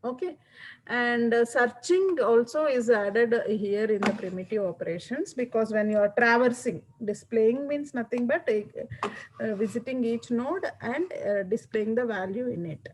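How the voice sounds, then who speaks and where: A woman's voice: on the high side, expressive, measured pace, rough recording. A woman giving a classroom lecture, explaining step by step and often checking that students follow.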